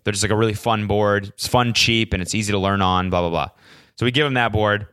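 A man's voice: on the low side, steady tone, fast talker, fairly bright tone, clear, resonant tone, no echo, clean studio sound. A young man hosting a solo podcast, telling stories in a casual, rambling way with lots of swearing and fillers. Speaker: podcast host.

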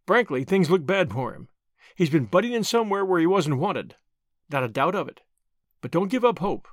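A man voicing a shrewd, measured older lawyer in an audiobook, with a dry, authoritative delivery. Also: sits high, lively intonation, dry recording, voice pushed up. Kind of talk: audiobook character voice.

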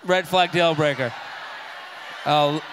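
A man's voice: on the high side, a bit bright, a little hiss or hum. A man co-hosting a podcast live on stage, riffing jokes with the crowd. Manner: joking, riffing quickly with a crowd. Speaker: podcast co-host. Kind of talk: comedic live podcast banter. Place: on stage in a theater.

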